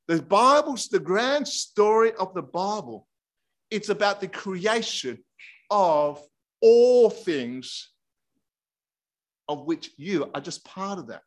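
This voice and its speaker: A middle-aged man preaching a sermon in a lively, chatty way, drawing his congregation in. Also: sits high. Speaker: pastor.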